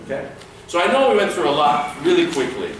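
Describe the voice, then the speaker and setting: Man, trainer, lively intonation, fairly high voice, echoey room, distant mic. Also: fast talker, a little hiss or hum. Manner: lively, demonstrates dialogue with acted lines. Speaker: security trainer. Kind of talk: classroom training lecture.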